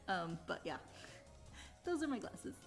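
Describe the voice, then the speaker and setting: A woman's voice: on the low side, unhurried, creaky, soft background music. A woman livestreamer chatting casually with her viewers, laughing often between sentences and telling stories animatedly. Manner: animated storyteller. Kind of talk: casual live-stream chat.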